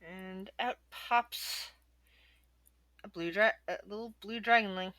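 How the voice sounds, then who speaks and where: A woman narrating a tabletop game as game master, describing events with pauses and small self-corrections. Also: medium pitch, fairly bright tone, dry recording.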